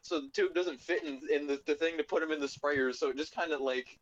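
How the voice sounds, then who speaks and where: A young man with a fairly high voice rambles through a funny story, stumbling over fillers and laughing as he goes. The recording is dull and lo-fi. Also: a little fast. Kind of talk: casual chat. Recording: dull lo-fi sound.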